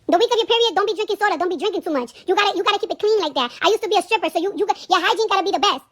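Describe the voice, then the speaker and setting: A woman's voice: very high voice, very fast, a bit bright. A brash woman from the Caribbean ranting profanely on a live stream, repeating herself as she goes. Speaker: livestreamer.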